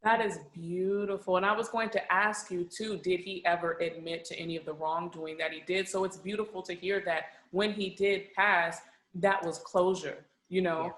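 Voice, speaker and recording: A woman's voice: on the low side, steady tone, moderate pace, fairly bright tone, roomy sound. A woman hosting a podcast, listening attentively and asking probing follow-up questions. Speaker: podcast host. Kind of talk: interviewing.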